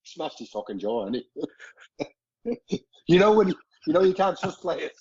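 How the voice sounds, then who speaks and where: Husky man swearing through old anecdotes. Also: on the high side, sing-song, a little slow, a little mellow. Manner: swears freely, chuckles through stories. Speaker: former footballer, guest. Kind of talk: casual anecdote telling. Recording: dull lo-fi podcast audio.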